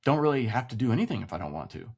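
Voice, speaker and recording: Animated forty-something man telling his story. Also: mid-range voice, very fast, vocal fry, slight background noise. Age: 40s. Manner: animated, swears freely, acts out quoted voices. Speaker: podcast guest, veteran. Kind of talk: casual storytelling chat.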